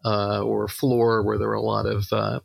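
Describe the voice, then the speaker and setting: A middle-aged man from Long Island, New York, guesting on a podcast. He tells his stories in an easygoing way, full of fillers, and his mid-pitched voice has a gravelly crackle. The sound is dry and close. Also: normal speed, no echo. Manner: relaxed storytelling with many fillers. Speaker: psychology professor guest. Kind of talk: podcast interview.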